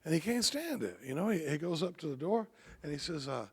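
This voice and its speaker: A man, giving a folksy, joking recovery talk at a podium, halting often and restarting his sentences. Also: on the high side, very animated, slightly rough. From Texas. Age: 50s. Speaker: AA convention speaker.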